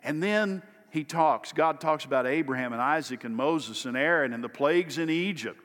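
A man preaching a sermon, delivering it emphatically and rising louder on key phrases. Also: fairly high pitch, normal speed, long reverb tail. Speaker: pastor.

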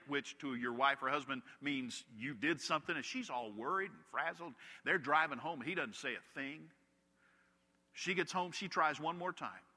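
A pastor delivers a sermon, a man whose slightly high voice comes through sharp and forceful. He teaches through funny everyday anecdotes. His words ring out with a long reverberant tail from a large church hall. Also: brisk. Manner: storytelling with humorous anecdotes.

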